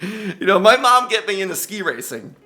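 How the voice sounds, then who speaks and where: A man's voice: sits high, sing-song, normal speed, bright, forceful tone, faint music behind. A middle-aged man giving a gushing motivational commencement speech, exclaiming often and calling listeners guys. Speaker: commencement speaker.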